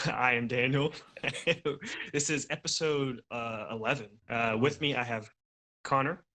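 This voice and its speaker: A man's voice: medium pitch, measured pace, pushed and bright. A man hosting a casual gaming podcast, leading the talk and explaining things in an easygoing, patient way. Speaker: podcast host. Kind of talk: casual chat.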